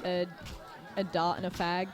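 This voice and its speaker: A woman's voice: fairly low pitch, flat delivery, measured pace. A woman co-hosting a let's play, chatting casually and teasing, laughing often. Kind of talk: casual chat.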